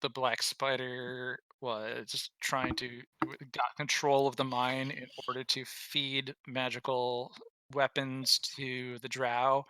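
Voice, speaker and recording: A man's voice: medium pitch, little pitch movement, slow pace, sharp tone, clear, resonant tone, no room sound, low-quality recording. A man narrating as game master in a rambling, self-correcting way.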